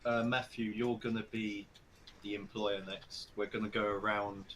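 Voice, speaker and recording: A man running a party game round over voice chat, explaining rules with quick restarts. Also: on the low side, flat delivery, fairly bright tone, a little hiss or hum. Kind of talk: casual chat over voice call.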